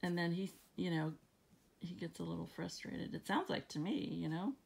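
A woman reading scripture aloud at home, then musing about it casually with fillers and soft laughs. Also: lowish voice, moderate pace, gravelly, husky. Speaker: Bible reading channel host. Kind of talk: casual Bible reading and reflection.

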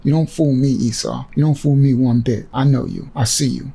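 A man's voice: mid-range voice, fairly even intonation, normal speed, creaky, warm tone, husky. A man leading a ministry, giving impassioned religious commentary on a clip he has just watched, agitated and emotional as he preaches. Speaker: ministry leader reacting to a video clip.

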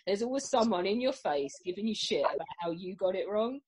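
Husky, sweary woman ranting. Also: mid-range voice, expressive, brisk, darkish tone, rough recording. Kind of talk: casual chat.

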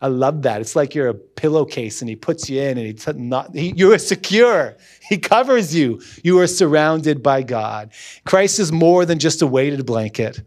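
A man's voice: a little high, expressive, moderate pace, a little mellow. A man as a guest pastor, preaching earnestly with repeated emphatic phrases, then leading a closing prayer.

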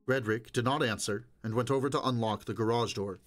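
A man reading a novel aloud as audiobook narrator, in a steady, measured way. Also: medium pitch, soft background music.

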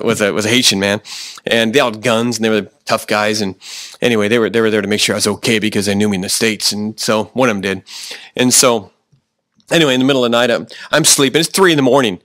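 A pastor preaching a sermon, often slowing down for emphasis and restarting his sentences. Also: mid-range voice, fairly bright tone, dry recording. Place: church.

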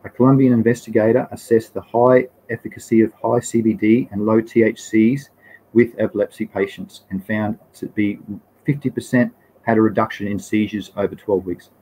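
A man's voice: on the low side, warm tone, slightly rough, low-quality recording. A young Australian man hosting a casual live stream, reading from slides in a rambling way and greeting viewers in the chat.

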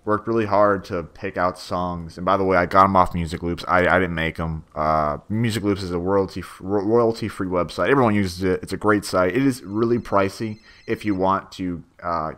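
A man's voice: sits low, fairly even intonation, moderate pace, few pauses, fairly bright tone. A young man giving a rambling, stammering director's commentary on his own machinima, full of fillers and swearing.

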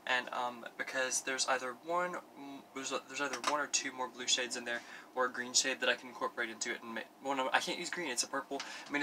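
A man's voice: mid-range voice, background noise. A young man hosting a parody makeup tutorial at home, rambling with lots of fillers and camp asides to himself. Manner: rambling, filler-heavy, camp self-talk. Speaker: makeup vlogger. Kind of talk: parody beauty tutorial chat. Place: at home doing his makeup.

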